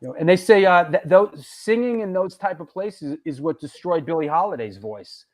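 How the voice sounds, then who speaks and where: A man's voice: high-pitched, expressive, moderate pace. Middle-aged man hosting, rambling chatter. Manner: rambling, repeats words and restarts often. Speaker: host. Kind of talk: casual chat.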